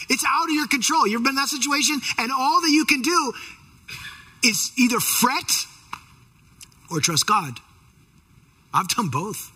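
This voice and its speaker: A man preacher giving an animated sermon, emphatic as he retells scripture scenes. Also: very high-pitched, moderate pace, pauses often.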